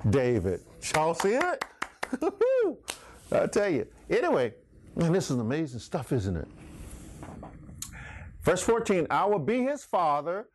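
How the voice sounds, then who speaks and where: A middle-aged man teaching a Bible class in a folksy sermon style, asking the class questions. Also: medium pitch. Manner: folksy, laughs often, asks the class questions.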